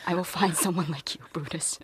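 Woman playing Julius Caesar, hushed, mock-dramatic, sung to Brutus, dry studio sound. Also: lowish voice, fairly even intonation, fairly quick, breathy edge, no echo. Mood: mock-solemn. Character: Julius Caesar crooning a pop song to Brutus.

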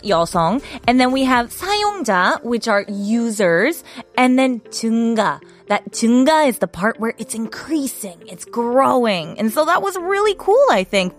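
Brisk female radio host, a bit high-pitched, flips between English and Korean, giggles a lot, studio mic. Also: fairly bright tone. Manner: switches between English and Korean, reads listener comments, laughs easily. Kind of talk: casual bilingual radio chat.

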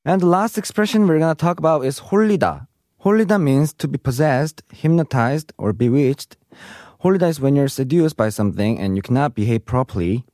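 A man teaching a scripted vocabulary lesson. He explains each term, reads the Korean example sentences briskly, then gives the English translations slowly. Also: on the high side, mellow, dry recording, studio quality.

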